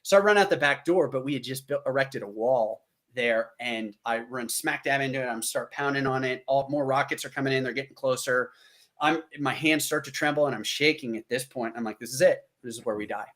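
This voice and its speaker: A man's voice: medium pitch, fairly quick, a bit bright. A man from the United States, a podcast guest, vividly telling a long personal story in casual talk, with many fillers and restarts.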